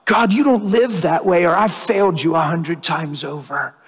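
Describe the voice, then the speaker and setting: High-voiced preacher in echoing hall. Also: male voice, moderate pace, husky. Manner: earnest, stammering restarts, rising to fervent emphasis. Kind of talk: sermon. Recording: long hall reverb.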